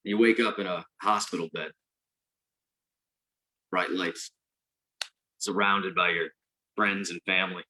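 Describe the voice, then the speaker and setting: A man with a bright, forward voice delivers a stand-up set at a live venue. He tells his story in a deadpan way, then jumps up into sudden high-pitched cheering. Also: slow pace, pauses often, poor audio. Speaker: stand-up comedian.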